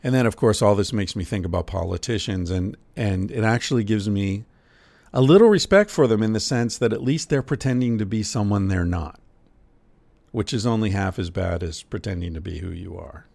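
A middle-aged man riffs through a casual podcast monologue with a sardonic, profane edge. His voice sits low and gravelly. The sound is close and dry. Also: moderate pace, darkish tone, no echo. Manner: sardonic, profane, jokey rants. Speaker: podcast host. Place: lives in Portland.

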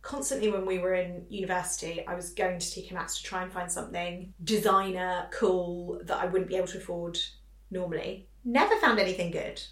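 Teasing, quick-witted woman in her thirties, podcast co-host; roomy sound, slightly off-mic. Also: lowish voice, steady tone, distant mic. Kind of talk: casual chat.

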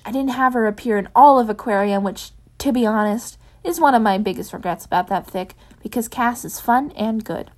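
A woman reads a fan fiction chapter aloud in a soft, unhurried voice. Afterwards she drops into a casual, rambling chat with her listeners, full of ums. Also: fairly high pitch. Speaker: fanfiction reader. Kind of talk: audiobook narration of fan fiction.

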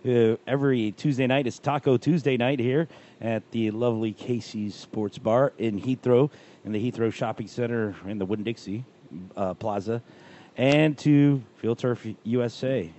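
A man hosting a casual sports podcast with friends, upbeat and running the show with quick greetings. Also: mid-range voice, warm tone, muffled recording. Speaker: podcast host.

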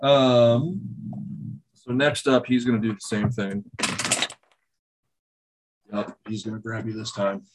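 A man narrating as game master in a tabletop game, laid-back and halting, laughing easily with his players. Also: lowish voice, little pitch movement, background noise.

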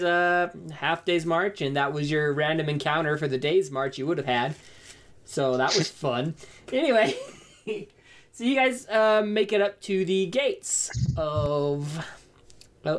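Laughing young woman game master. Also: deep voice. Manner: laughs often, halting restarts. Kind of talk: narrating a tabletop game.

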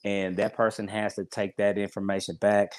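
A man in his forties speaks in a low voice, heartfelt and a little rambling as he restarts his thoughts. The sound is dry and close, with no room around it. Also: level tone, normal speed, no room sound. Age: 40s. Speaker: podcast guest. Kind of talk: casual interview chat.

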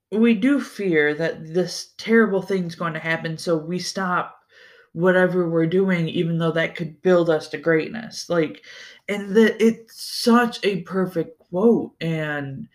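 A young adult man hosting a podcast on his own, talking in a loose, rambling way with lots of "like" and casual swearing. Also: on the high side. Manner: rambling and loose, swears freely, many fillers like "like". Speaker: podcast host. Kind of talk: casual solo podcast chat.

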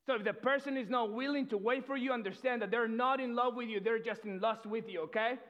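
A male pastor preaching a sermon with energy, often repeating words and swinging between loud and soft. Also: very high voice, fast. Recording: dull lo-fi sound.

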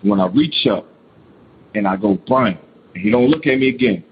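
A man's voice: on the low side, animated, fairly quick. Man telling a ghost story, lo-fi. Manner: rambling, restarts often, slangy. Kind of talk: casual spoken storytelling. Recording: dull lo-fi recording with clear noise.

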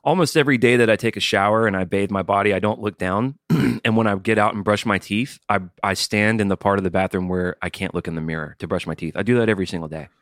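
A man's voice: on the low side, quick pace, hardly any pauses, a bit bright, no room sound, studio quality. A man co-hosting a podcast, talking candidly and reflectively, playing along with his partner's jokes. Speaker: podcast co-host. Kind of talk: casual chat.

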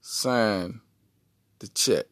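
A man's voice: fairly low pitch, extremely slow, a bit bright, dry recording, studio quality. A man voicing a stern, insistent mother who demands her son's paycheck. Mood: menacing. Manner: bossy, insistent.

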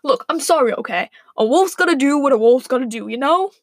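A woman's voice: high voice, expressive, brisk, no room sound, studio quality. A woman voicing a sheepish, pleading male wolf with allergies in a spoken story.

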